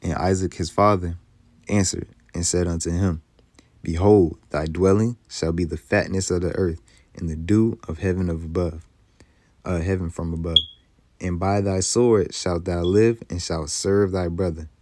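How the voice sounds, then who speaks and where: A man teaching from the Bible, reading old scripture slowly and then explaining it in loose, casual, emphatic speech. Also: sits low, steady tone, dark tone, no echo. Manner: heated, emphatic commentary.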